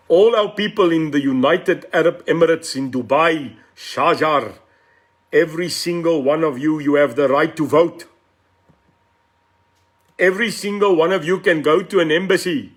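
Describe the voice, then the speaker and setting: Impassioned South African man, higher voice. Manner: impassioned, switches between English and Afrikaans, greets viewers by name. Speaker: political talk show host. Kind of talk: live-streamed political address to viewers.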